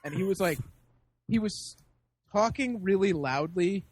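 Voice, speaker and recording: A man with a high voice tells a story on a podcast. He is animated and laughs often. He acts out the people in the story as he goes. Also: unhurried. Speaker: podcast host. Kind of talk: casual storytelling.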